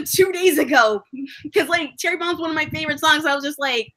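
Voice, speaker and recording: A young woman chatting casually, telling excitable stories and acting out her own screaming. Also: high voice, a little fast. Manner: excitable storyteller, acts out fangirl screams. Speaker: vlogger. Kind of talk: casual chat.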